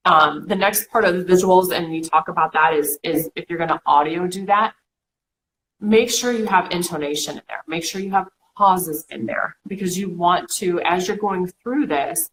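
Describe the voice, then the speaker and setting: A woman's voice: lowish voice, moderate pace, fairly bright tone, a little hiss or hum, rough recording. A woman in her thirties co-hosting a casual coaching chat, talking through examples with lots of "okay" and "you know". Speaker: co-host.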